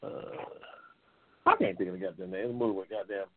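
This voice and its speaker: A man hosting a call-in talk show, heated and profane, repeating himself and jumping into high outbursts. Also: big pitch swings, fast, no echo. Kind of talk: loud profane call-in chat. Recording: phone-like lo-fi audio.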